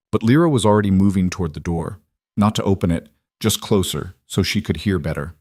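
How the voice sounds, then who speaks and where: Low-voiced guy narrating a fantasy romance audiobook, steady and measured, dry close sound. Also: no echo. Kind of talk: scripted narration.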